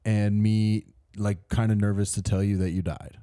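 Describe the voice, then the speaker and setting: A man's voice: fairly low pitch, little pitch movement, normal speed, warm tone, smooth, no room sound, studio quality. A young man who co-hosts a casual comedy podcast, joking around, giggling and saying "dude" often.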